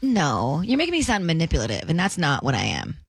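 Gravelly-voiced female radio co-host. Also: deep voice, huge pitch swings, fast talker, faint music behind. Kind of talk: casual morning radio banter.

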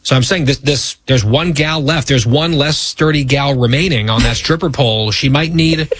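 A man's voice: medium pitch, normal speed, fairly bright tone, breathy edge, no echo. A man hosting a radio talk show, bantering with a co-host in a wry, teasing way.

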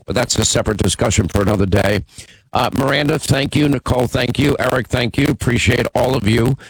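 A man's voice: medium pitch, brisk, slightly rough, dry recording, poor audio. A man hosting a talk radio show, taking calls and chatting in an opinionated, teasing way.

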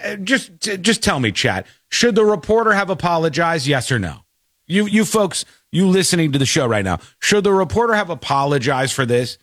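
A man's voice: a little high, a bit bright, no room sound, clean studio sound. A man hosting a talk show, commenting in a mocking, exasperated way. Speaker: show host.

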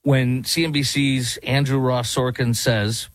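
A man's voice: medium pitch, level tone, a little slow, hardly any pauses, no echo, low-quality recording. A man guest-hosting a talk radio show, speaking in a casual, conversational way with frequent fillers and restarts.

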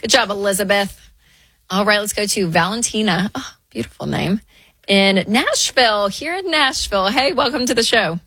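A woman's voice: medium pitch, expressive, normal speed, a bit bright, no echo. A woman co-hosting a call-in advice show, talking in a plain, encouraging way. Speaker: radio show co-host.

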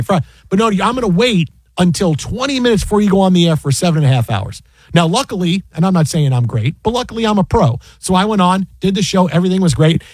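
Man, high voice, broadcaster, excited storytelling, stumbling restarts, dry sound. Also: slightly rough, no echo. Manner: excited, many restarts, incredulous. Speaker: sports broadcaster guest. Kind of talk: animated anecdote on a podcast.

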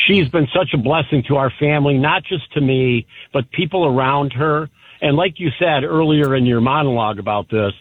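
A man's voice: mid-range voice, husky, no echo. A man calling in to a radio talk show, proud and grateful as he talks about his family. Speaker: caller. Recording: tinny phone line.

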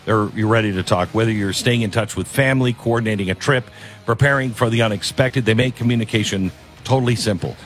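A man's voice: lowish voice, quick pace, faint music behind. A man hosting a talk radio show, speaking in a rambling, conversational monologue with frequent restarts. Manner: rambling, conversational, self-interrupting.

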